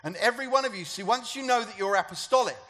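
A man's voice: high-pitched, expressive, quick pace, a bit bright. A man preaching a sermon to a church gathering, talking conversationally and asking the congregation questions. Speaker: pastor.

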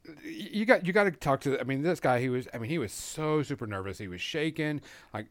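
Co-hosting a podcast, a man spins game stories full of quoted dialogue that he acts out, swearing as he chats. His slightly high voice is animated and brisk, and the recording is dry.

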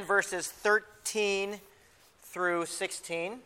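A man's voice: sits high, moderate pace, long pauses, pushed and bright. A pastor giving a casual children's lesson in a church service, often restarting and repeating his words as he talks to the kids. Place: church sanctuary.

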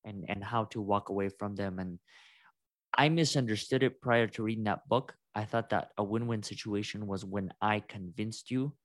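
A man with a low-pitched voice talks over a podcast conversation, reflective and thinking aloud as he goes. The sound is dry and close, with no room echo. His delivery is unhurried and measured. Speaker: podcast co-host.

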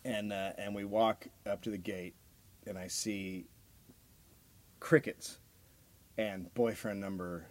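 A man in his thirties, a podcast host, telling a profane, animated story in casual chat. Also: lowish voice, slow pace, pauses often.

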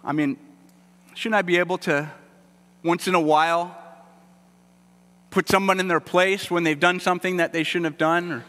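A man's voice: high-pitched, pushed and bright, big-room sound. A man preaching a sermon as pastor, earnest and conversational, often repeating words as he goes.

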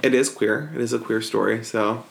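A man co-hosting a podcast, chatting casually about books, rambling with lots of "like" and quick to laugh. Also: fairly low pitch, fairly even intonation, creaky. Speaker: podcast co-host. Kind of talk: casual book-club chat.

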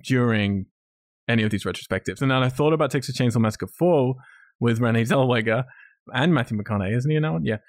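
A man's voice: medium pitch, quick pace, no room sound, clean studio sound. Blunt, ranting male podcast co-host. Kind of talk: casual film review chat.

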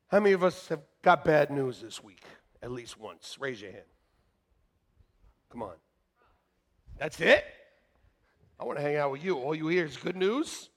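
A male pastor preaching a sermon to his congregation, joking with them and moving between quiet asides and shouted emphasis. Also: a little high, animated, unhurried, long pauses. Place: church sanctuary.

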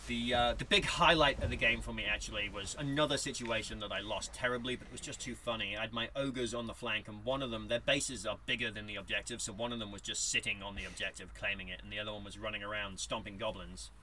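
A man co-hosting a podcast, telling a tabletop game story in a lively, animated way. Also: on the low side, fast, few pauses, slight background noise, low-quality recording. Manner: animated storyteller, acts out dice moments. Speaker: podcast co-host. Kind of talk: casual chat recapping a tabletop game.

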